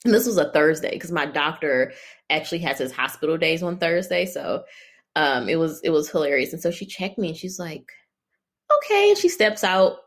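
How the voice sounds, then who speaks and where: A woman's voice: deep voice, a little fast. A woman casually telling a personal story, laughing often and acting out what others said. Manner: laughs often, animated in retelling; acts out other people's lines.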